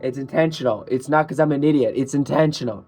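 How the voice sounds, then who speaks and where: A man, a singer-songwriter, chatting casually between his own songs in an excited, rambling, self-mocking way. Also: mid-range voice, quick pace. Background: acoustic guitar.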